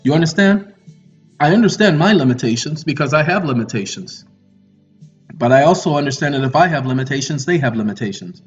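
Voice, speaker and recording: A man's voice: fairly high pitch, expressive, a little fast. A man giving a lecture monologue in a preachy, confrontational manner with teasing asides. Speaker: online lecturer. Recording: muffled audio with faint music.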